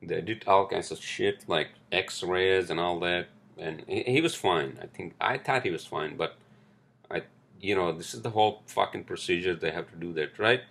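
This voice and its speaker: A New man with a low, deep voice talks through a casual solo podcast. He rambles, leans on fillers and "right?", and swears freely as he tells his stories. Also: moderate pace, gravelly, a bit bright. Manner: rambling, swears often, many fillers and tag questions. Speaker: podcast host.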